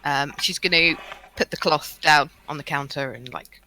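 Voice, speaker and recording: A player in a tabletop game, speaking hesitantly and softly, with fillers. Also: medium pitch, moderate pace, a little hiss or hum, low-quality recording. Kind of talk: tabletop role-play.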